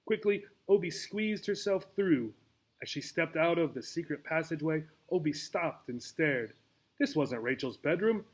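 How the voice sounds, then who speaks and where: Teacher guy reading a kids' book, lively and expressive, kinda high voice. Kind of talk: storybook read-aloud.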